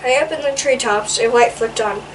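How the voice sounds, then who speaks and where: A woman's voice: fairly high pitch, moderate pace, distant mic, noisy background. A woman reading a children's picture book aloud in a playful way, adding little comments between pages.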